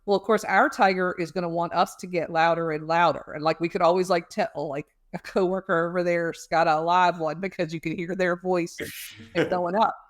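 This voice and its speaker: A woman's voice: fairly low pitch, fairly even intonation, fairly quick, dry recording, clean studio sound. A woman speaking as a guest on an interview show, explaining emotions in a conversational way with many fillers and homely images. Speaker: guest expert on emotional regulation. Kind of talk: casual explanatory interview talk.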